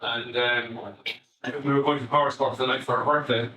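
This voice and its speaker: A middle-aged Irish man speaks to an audience of parents in a bright, forward voice. He talks in a chatty, anecdotal way, often restarting his sentences and slipping in asides. He sounds distant from the mic, and a roomy echo hangs around his words. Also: mid-range voice, steady tone, brisk. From Ireland. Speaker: family psychotherapist giving a talk. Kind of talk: live talk to parents. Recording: echoey room, far from the mic.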